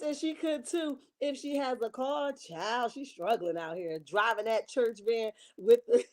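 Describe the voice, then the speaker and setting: A woman's voice: a little high, takes it slowly. A woman hosting a casual gossip livestream, reading viewer comments aloud and calling her viewers honey and baby. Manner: reenacts dramatic quotes. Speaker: livestream host reading chat.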